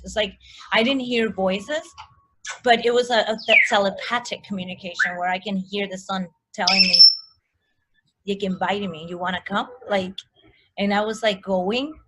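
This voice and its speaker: A woman telling a personal story as a guest in a casual chat, animated, full of likes and restarts. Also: medium pitch, noisy background.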